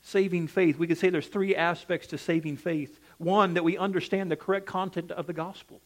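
A male preacher with a high-sitting voice delivers a sermon briskly, his intonation fairly even. His emphatic preaching cadence still rises and falls, and he often puts direct questions to the congregation.

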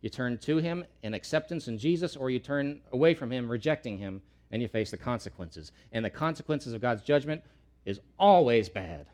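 A male pastor delivers an earnest sermon in a mid-range, animated voice at normal speed. He repeats key words for emphasis and grows loud when quoting pleas.

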